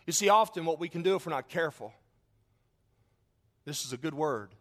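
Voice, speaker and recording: A middle-aged man preaching a sermon as pastor, telling stories in an animated, self-mocking way and laughing often. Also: a little high, brisk.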